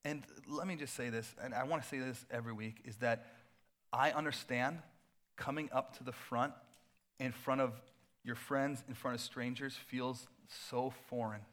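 A man preaching a sermon as pastor, in a casual, animated way with playful asides. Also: medium pitch, normal speed.

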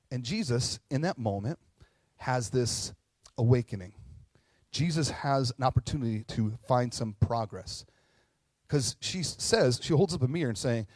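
A man in his forties delivers a sermon as a pastor, talking casually to the congregation and acting out quoted lines. His voice sits at a middle pitch. The recording is dry, with little room sound. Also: normal speed, no echo. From Minnesota. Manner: conversational, animated, acts out quotes with asides.

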